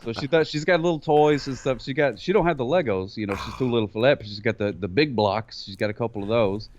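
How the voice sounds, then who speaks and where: A man voicing a sock puppet police officer, a folksy new dad who talks in a lively drawl. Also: fast talker, muffled recording, a little hiss or hum, lightly acted. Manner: folksy drawl, does a squeaky baby voice for quotes. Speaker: guest. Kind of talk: comedic puppet character chat.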